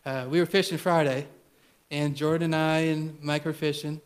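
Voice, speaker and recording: A man's voice: on the high side, fairly even intonation, normal speed. A middle-aged man preaching a sermon as pastor, blunt and conversational, telling stories with emphatic repetition.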